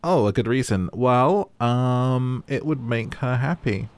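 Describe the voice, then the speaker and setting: A man's voice: medium pitch, takes it slowly, clear, resonant tone, no room sound. A man giving playful, joking commentary while playing a game and talking to its characters. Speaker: gaming YouTuber. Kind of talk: casual gameplay commentary.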